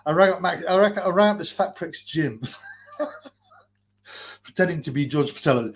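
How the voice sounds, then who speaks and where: This man speaks at a fairly high pitch and normal speed, pausing often as he rants profanely on a live stream. He laughs, mocks and imitates callers in an abusive way, and a blocked nose makes his breathing audible.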